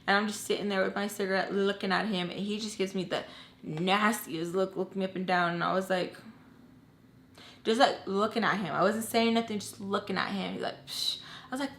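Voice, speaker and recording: A woman telling a personal storytime, candid and blunt, swearing freely and dropping low and quiet at emotional moments. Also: fairly even intonation, brisk. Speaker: storytime vlogger. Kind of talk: casual storytelling.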